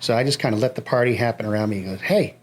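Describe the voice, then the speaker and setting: A man's voice: on the low side, very fast, a little hiss or hum. Laid-back man from western Massachusetts. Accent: New England. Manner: relaxed, laid-back, swears freely. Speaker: guest musician. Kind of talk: casual storytelling.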